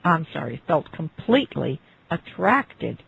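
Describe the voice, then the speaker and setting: A man narrating a life story in an unhurried, reflective way, turning now and then to address the listener directly. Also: fairly high pitch, big pitch swings. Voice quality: very husky and gravelly. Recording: phone-like lo-fi recording.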